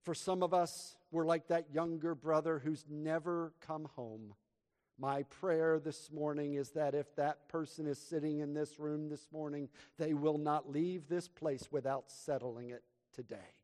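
A man preaching and praying in a slow, deliberate way, voice a touch high for a man. He swings between loud emphasis and hushed lows. The long reverb of a church hall trails each phrase from his pulpit mic. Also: steady tone. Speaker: pastor. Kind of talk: sermon and prayer. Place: church sanctuary.

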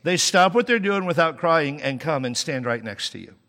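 A man's voice: on the high side, animated, moderate pace, sharp tone. A man, a pastor, preaching a sermon in a conversational way, with humor and sudden emphatic rises. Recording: long hall reverb.

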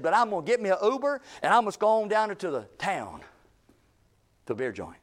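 Man, pastor, sermon storytelling, acts out voices, fairly high voice. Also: a little fast. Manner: animated, acts out quoted speech with rising intensity.

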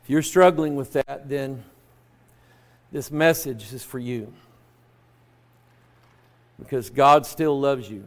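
A man preaching a sermon as pastor, at times raising his voice and at times speaking softly and personally. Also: mid-range voice, slow pace, pauses often. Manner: preaching loudly then dropping to a soft, personal tone.

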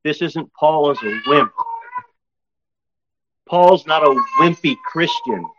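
A man preaching a sermon, swinging from loud exhortation to low, intense asides and slowing down to read scripture aloud. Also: huge pitch swings, noisy background. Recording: dull, dry lo-fi recording.

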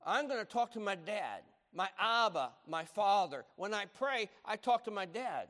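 A middle-aged man preaching a sermon, swinging from loud, animated emphasis to hushed, low tones. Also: unhurried, long reverb tail. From United States. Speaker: pastor.

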